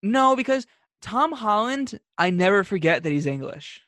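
High-voiced man in casual podcast chat. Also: moderate pace, no echo, studio quality. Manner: animated, opinionated storyteller. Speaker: podcast co-host.

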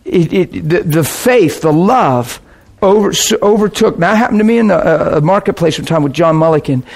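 A fairly high-voiced man preaching to a congregation. He tells a personal anecdote with lively, emotional energy and breaks into laughter now and then. His voice climbs easily as the story builds. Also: normal speed.

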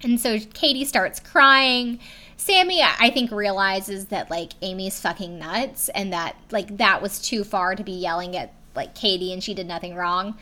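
A young woman tells a story in a loose, chatty way, her voice bright and forward. She leans on "like" between phrases and swears casually as she goes. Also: medium pitch, moderate pace. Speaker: video recapper.

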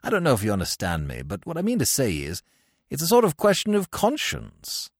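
A man's voice: medium pitch, wildly swooping pitch, a little fast, dry recording. Young english toff, plummy drawl, dry close sound, a male narrator plays him. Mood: chummy. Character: foolish young English toff, cheerful and huffy.

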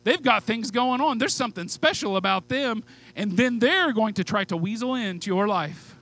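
A man preaching a sermon with fervent, pleading delivery, moving from hushed asides to loud calls. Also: high voice, expressive, normal speed, faint music behind, poor audio. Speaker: pastor.

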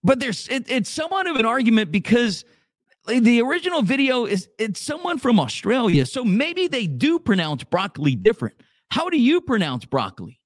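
A man's voice: very high-pitched, very animated, normal speed, no room sound, clean studio sound. A man hosting a radio show, chatting casually in a rambling, jokey way. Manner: rambling, jokey, repeats himself.

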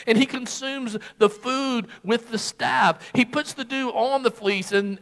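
Bright-voiced, high-pitched preacher man. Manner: emphatic, dropping to hushed tones for quoted words. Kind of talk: sermon. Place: church service.

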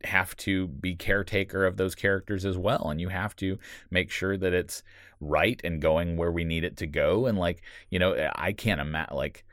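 A man with a very low voice chats casually on a podcast, animated and quick to laugh, with some swearing. The sound is dry and close, with no room around it. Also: no echo. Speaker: podcast co-creator and writer.

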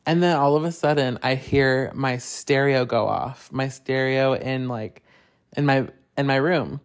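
A young man hosting a podcast, telling a personal ghost story in a casual, profane way, full of fillers. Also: a little slow. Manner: chatty, profane, lots of "like" fillers; puts on high voices when quoting others. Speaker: podcast host.

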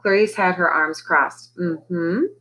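A woman's voice: lowish voice, moderate pace, a bit bright, slight background noise, poor audio. A woman teacher reading a children's novel aloud, lifting her voice for the characters' lines. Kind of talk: storybook read-aloud.

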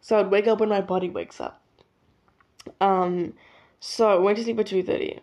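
A woman's voice: mid-range voice, steady tone, normal speed, darkish tone. A young woman, hosting a podcast and rambling through a story with lots of fillers and restarts. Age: late teens. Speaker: podcast host. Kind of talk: casual storytelling monologue. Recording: slightly dull lo-fi audio.

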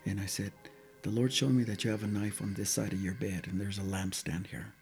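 Animated man retelling a faith story. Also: on the low side, brisk, creaky, soft background music. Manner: animated retelling, quoting dialogue, drops to near-whisper at times. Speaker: guest telling a testimony. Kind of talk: casual storytelling chat.

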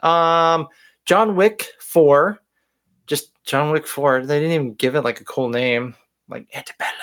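A man's voice: fairly high pitch, measured pace, a bit bright. A man co-hosting a podcast in casual chat, joking and self-deprecating. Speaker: podcast co-host.

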